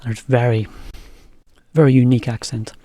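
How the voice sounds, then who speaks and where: A man giving a relaxed, chatty language lesson. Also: mid-range voice, moderate pace. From England. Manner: relaxed, chatty, laughs often. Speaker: English teacher. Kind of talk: casual lesson commentary.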